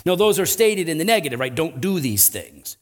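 A man's voice: on the high side, very animated, brisk. A male pastor preaching a conversational sermon, often tossing in "right?" asides and building to emphatic swells.

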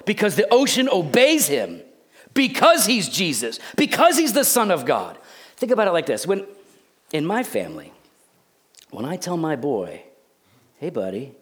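A man in his forties preaching a sermon as a pastor, conversational and jokey, swinging from loud outbursts to hushed, near-whispered lines. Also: high-pitched.

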